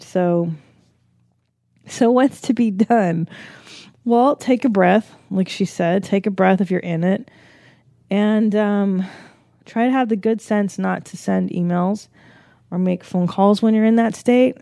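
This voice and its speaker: A woman's voice: medium pitch, warm tone, no room sound, studio quality. A woman hosting a podcast in a casual monologue, rambling, swearing freely and laughing often. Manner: rambling, frank and profane, with frequent laughs and fillers. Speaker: podcast host.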